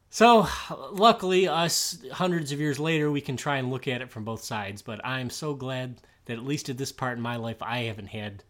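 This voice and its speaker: A man's voice: medium pitch, moderate pace, few pauses, fairly bright tone. A man with an American accent co-hosting a history podcast, easygoing, upbeat and a bit jokey. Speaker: podcast co-host. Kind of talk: casual history podcast chat.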